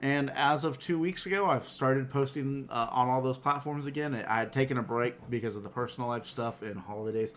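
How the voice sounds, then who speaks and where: A man's voice: mid-range voice, a little fast, few pauses, a little hiss or hum. A man co-hosting a casual podcast chat, steering the talk in a laid-back, agreeable way. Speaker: podcast co-host.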